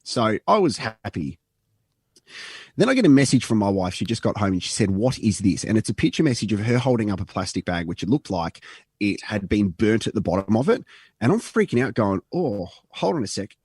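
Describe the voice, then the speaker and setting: Low-voiced Australian man telling a story. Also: big pitch swings, a little fast, darkish tone, breathy edge, dry recording, clean studio sound. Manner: rambling anecdotal storyteller, swearing, acting out quotes. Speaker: radio show co-host. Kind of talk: casual storytelling chat.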